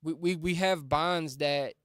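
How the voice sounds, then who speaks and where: A man's voice: a little high, measured pace, fairly bright tone, clear, resonant tone, no room sound, studio quality. A man hosting a music livestream, telling a personal story in a casual, earnest, heartfelt way, full of slang like "bro". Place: home music studio. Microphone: studio microphone.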